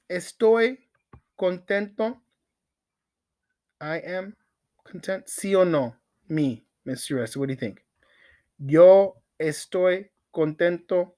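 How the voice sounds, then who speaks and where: A man teaching a language lesson through a simple story, repeating phrases, counting out pauses and breaking into dramatic exclamations. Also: fairly high pitch. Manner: slow, repetitive drilling with counted pauses; dramatic exclamations between asides. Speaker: Spanish teacher.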